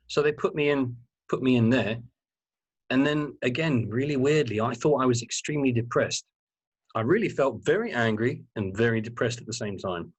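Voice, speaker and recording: A man talks earnestly as an interview guest, recounting his own past with animated energy. He repeats words for emphasis and lets the odd swear word slip. His voice sits at an ordinary middle pitch. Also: moderate pace, breathy edge. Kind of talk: candid personal storytelling.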